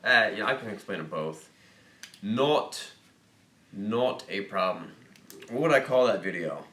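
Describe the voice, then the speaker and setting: A man hosting a casual livestream, reading viewer questions aloud and thinking out loud in a rambling, jokey way. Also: lowish voice, lively intonation, measured pace, reverberant. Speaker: host of a motorcycle dealership livestream.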